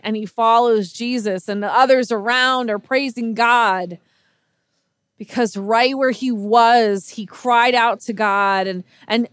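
A woman preacher delivers a sermon slowly and earnestly, often restarting her phrases. Her voice sits fairly high. The recording is dry and close. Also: dry recording. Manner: earnest storytelling with many restarts.

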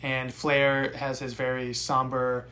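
A young man co-hosting a casual podcast, recapping a wrestling match with profane, animated rants. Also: mid-range voice, slow. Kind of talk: casual chat.

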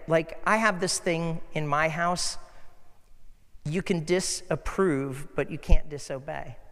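A man's voice: fairly high pitch, a bit bright. A middle-aged man preaching a sermon as a pastor, telling stories in an earnest, conversational way. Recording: echoey hall.

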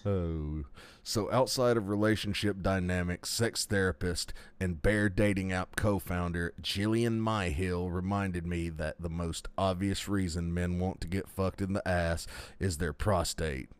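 A man's voice: deep voice, fairly even intonation, unhurried. A young man co-hosting a casual podcast, swearing freely and reading an article aloud in a mock-serious tone. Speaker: podcast co-host.

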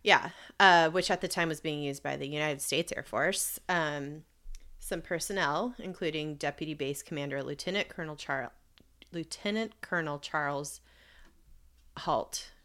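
A woman's voice: sits low, normal speed, a bit bright. A woman co-hosting a casual podcast, walking through a story and stumbling over names with easy laughs. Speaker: podcast co-host.

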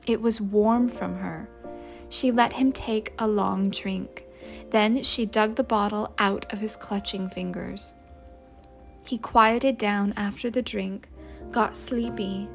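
A woman narrating a novel chapter in a measured, unhurried reading. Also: medium pitch. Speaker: audiobook narrator. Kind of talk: scripted storybook narration.

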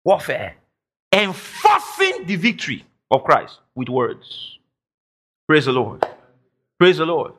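A male pastor preaches a sermon in a high, animated voice that swoops all over the place, slowly and with long pauses. He drives his points home by repeating phrases, breaks into shouted declarations, and quotes imagined listeners in mock voices.

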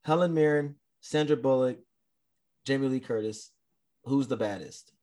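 A man's voice: mid-range voice, moderate pace, dark tone. A man co-hosting a podcast in casual, slangy banter, laughing often. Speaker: podcast co-host. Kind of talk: casual chat.

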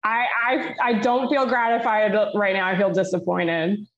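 A woman co-hosting a podcast, chatting in an animated way with lots of fillers and laughs. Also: medium pitch, moderate pace, dull audio. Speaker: podcast co-host. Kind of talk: casual chat. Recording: echoey room.

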